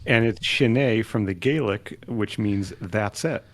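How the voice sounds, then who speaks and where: A man's voice: lowish voice, unhurried. A man co-hosting a podcast, chiming in casually and reading out bits of trivia. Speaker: podcast co-host. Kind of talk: casual chat, reading out facts.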